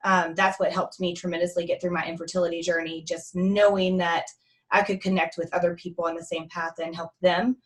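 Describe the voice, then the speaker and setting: A woman's voice: on the low side, little pitch movement, brisk. Woman host, casual interview, earnest and sincere delivery.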